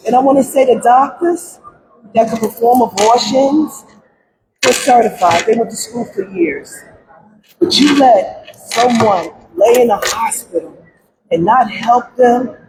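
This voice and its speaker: A middle-aged woman giving emotional public testimony at a press conference about her grief, pleading through tears and at times breaking into shouts. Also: a little high. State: grief-stricken, close to crying. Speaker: grieving mother giving testimony. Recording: crowd noise at a press event.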